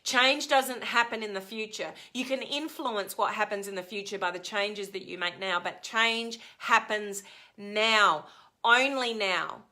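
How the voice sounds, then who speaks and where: A woman giving a live motivational coaching talk to her viewers, energetic and emphatic, acting out the complaints she quotes. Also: mid-range voice, unhurried. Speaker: life coach.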